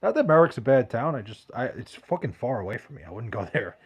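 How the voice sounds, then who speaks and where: A man's voice: medium pitch, big pitch swings, quick pace, breathy edge. A young man, chatting casually and profanely, rambling and restarting his sentences as he reads live chat. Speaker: podcast host reading live chat.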